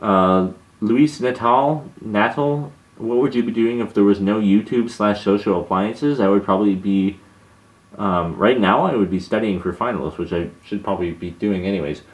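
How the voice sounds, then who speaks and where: A man's voice: lowish voice, moderate pace. A young man answering viewer questions in a casual, hesitant monologue, with many fillers and restarts.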